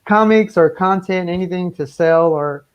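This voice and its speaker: A man's voice: high-pitched, normal speed, smooth, highs cut off. A man, a guest comic artist, chatting casually over a video call, rambling with many fillers and restarts. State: voice cracking from talking. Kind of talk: casual interview chat.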